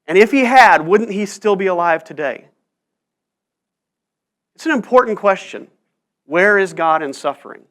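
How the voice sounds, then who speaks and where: A man's voice: high voice, animated, moderate pace, pauses often, a bit bright. A male pastor preaching a sermon in church, telling stories earnestly and pressing rhetorical questions. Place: church sanctuary.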